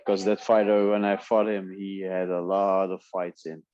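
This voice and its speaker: Very low-voiced guy, dutch first language, chill storytelling, dull dry podcast sound. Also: moderate pace, no echo. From Netherlands. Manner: relaxed storytelling with frequent laughs and restarts. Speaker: guest, MMA fighter. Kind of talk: casual interview talk.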